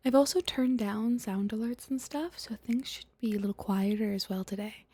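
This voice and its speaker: A young woman streaming, reading a book aloud in a soft, hesitant, whispered ASMR style. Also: a little high, slow pace, husky, dry recording.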